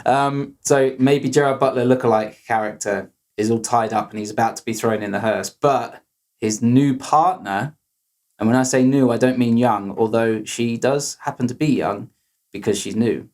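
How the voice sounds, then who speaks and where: A man's voice: medium pitch, moderate pace, a little mellow. A man co-hosting a podcast, improvising ideas in rambling casual chat. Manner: rambling, improvising, self-interrupting. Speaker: podcast co-host.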